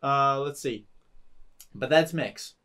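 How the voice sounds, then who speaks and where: A man's voice: mid-range voice, slow pace, pushed and bright. A man co-hosting a casual podcast, talking in rambling bursts with frequent restarts and laughter. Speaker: podcast co-host. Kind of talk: casual chat.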